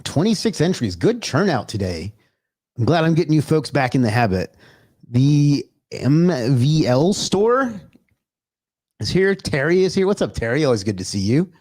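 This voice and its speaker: A man with a higher-leaning voice and wide pitch swings talks at a moderate pace, his tone a little mellow, with no echo in the recording. He hosts a casual livestream, greeting viewers by name and chatting loosely. His manner is relaxed and talkative; he swears now and then and mutters to himself.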